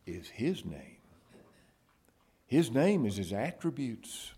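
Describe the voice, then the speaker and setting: A man preaching a sermon, dropping to hushed whispers and rising to raised exclamations. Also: fairly low pitch, expressive, takes it slowly, long pauses, breathy edge.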